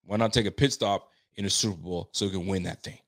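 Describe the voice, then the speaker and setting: Low-voiced and fast, a man hosting a live stream reads out what viewers have written. The fan chat is slangy and informal, full of swearing, and he grows more and more excited.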